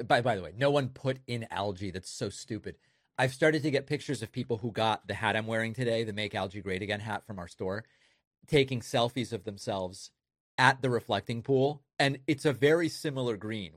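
A man's voice: on the low side, no room sound, clean studio sound. A man hosting a political commentary show, mocking the news clips he plays. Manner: sarcastic, mocking.

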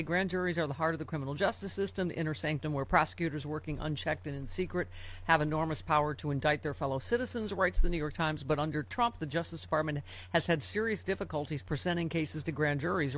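A deep-voiced woman hosts a news talk show, reading headlines aloud and tossing in sarcastic asides peppered with frequent fillers.

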